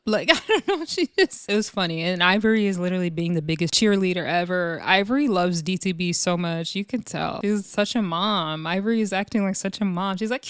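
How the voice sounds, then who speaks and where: A woman's voice: medium pitch, brisk, smooth, no echo, studio quality. A woman giving casual reaction commentary on a reality show, chatty and gossipy, laughing often and mimicking the cast.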